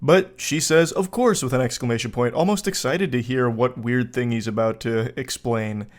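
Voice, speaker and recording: A man's voice: mid-range voice, normal speed. A man giving comedic reaction commentary, sarcastic, crude and exasperated.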